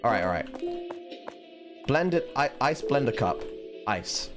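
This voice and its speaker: A man's voice: medium pitch, very animated, slow pace, pauses often. Frantic, swearing young male streamer. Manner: frantic, swears a lot, yelps apologies in panic. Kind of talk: live gameplay commentary. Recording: game music playing underneath.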